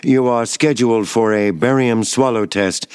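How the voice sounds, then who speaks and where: Brisk hospital woman, as a man reads her lines. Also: medium pitch, darkish tone, clear, resonant tone, dry recording, lightly acted. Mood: businesslike. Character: brisk, matter-of-fact female hospital staffer.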